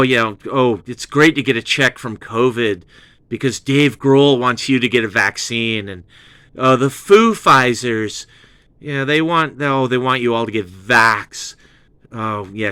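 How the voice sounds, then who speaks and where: Excitable profane male host, mid pitch, dry close sound. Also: a little slow, clear, resonant tone, no echo. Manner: profane, excitable, drops into British slang. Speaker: host of a music commentary show. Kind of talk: rambling album review rant.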